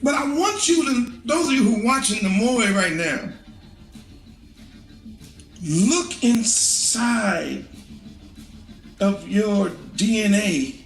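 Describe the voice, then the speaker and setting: A man preaching a street sermon, impassioned, often shouting and laughing as he swings between high and low. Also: lively intonation, takes it slowly, vocal fry, long pauses, reverberant.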